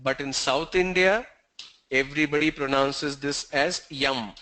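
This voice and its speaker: A man's voice: on the high side, measured pace, bright, forceful tone, low-quality recording. A middle-aged man teaching English pronunciation in an online lesson, drilling sounds letter by letter and correcting common mistakes.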